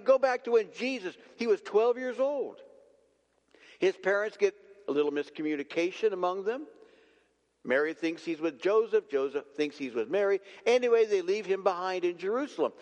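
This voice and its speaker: Pastor, man, lively high voice, deliberate sermon delivery, long hall reverb. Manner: dramatic, slowing for emphasis. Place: church sanctuary.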